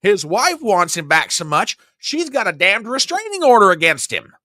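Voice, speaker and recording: Guy ranting on his politics show, bright dry voice, fed up and sarcastic. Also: high-pitched, huge pitch swings, moderate pace, no echo. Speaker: host.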